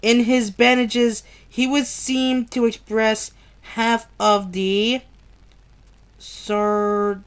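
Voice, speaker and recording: Slow, stumbling woman reading aloud. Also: on the high side, flat delivery, clean tone. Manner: stumbles over hard words, swears and laughs at herself. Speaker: amateur reader. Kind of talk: reading a book aloud, livestream.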